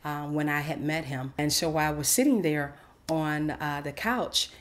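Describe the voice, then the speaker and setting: Low-voiced woman telling a lively story. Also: unhurried. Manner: animated storyteller, many fillers, acts out quoted voices. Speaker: host. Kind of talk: personal testimony.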